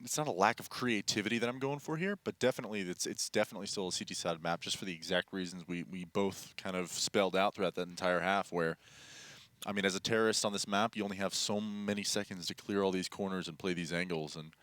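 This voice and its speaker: A man's voice: low voice, steady tone, fast, a bit bright, no echo. A man casting a live esports match, thoughtful and full of fillers, speaking into a headset. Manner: analytical, hesitant with many fillers. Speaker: esports commentator. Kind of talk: live game commentary. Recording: game gunfire noise behind.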